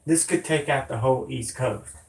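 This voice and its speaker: A man's voice: medium pitch, normal speed, a little mellow. Angry rambling man, echoey room. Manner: angry, rambling, folksy, cusses. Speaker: amateur news vlogger. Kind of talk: ranting news vlog.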